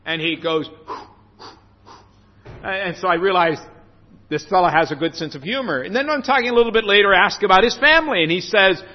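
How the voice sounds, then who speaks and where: High-voiced guy preaching slow in an echoey church, kinda muffled. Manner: slow, earnest preaching with emphatic repeated phrases. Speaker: pastor. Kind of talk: sermon. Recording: dull sound with long hall reverb.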